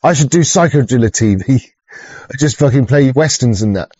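A man's voice: mid-range voice, lively intonation, normal speed, mellow, husky, no room sound, muffled recording. A man hosting a rambling, casual livestream chat, swearing often, stumbling over restarts and chuckling as he greets viewers. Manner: sweary, stop-start, chuckling, greets chatters. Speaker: livestream host.

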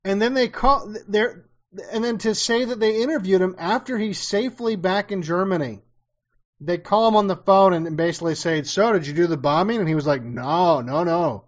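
A man's voice: high-pitched, fairly quick. A man hosting a casual chat, telling a story with sarcasm and casual swearing. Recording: slightly dull lo-fi sound.

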